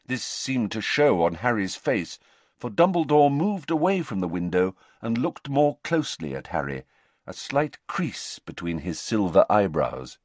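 Expressive male audiobook narrator. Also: on the low side, a little slow, dry recording. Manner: expressive, varied delivery. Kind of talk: scripted narration.

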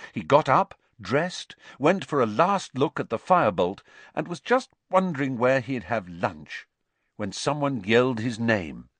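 A man's voice: on the low side, no echo. A man narrating an audiobook expressively and switching into voices for the characters.

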